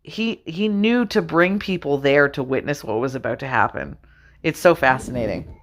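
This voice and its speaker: Animated woman talking through scripture. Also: low voice. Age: adult. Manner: animated, reads verses slowly, laughs often. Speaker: religious video host. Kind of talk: casual scripture commentary. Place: home.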